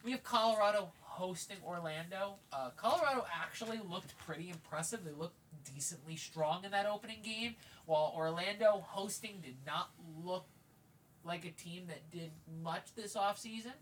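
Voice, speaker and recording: A woman's voice: fairly low pitch, moderate pace. A woman co-hosting a casual sports podcast, reading out fixtures and joking with friends. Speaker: podcast co-host. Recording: mic at a distance, faint hiss.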